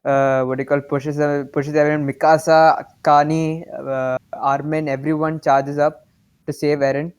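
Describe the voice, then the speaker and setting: A man co-hosting a casual podcast, recapping an anime with animated enthusiasm. His voice sits a little high and sounds smooth and resonant. He leans on fillers while he tells the story. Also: normal speed. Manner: animated, filler-heavy retelling. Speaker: podcast co-host.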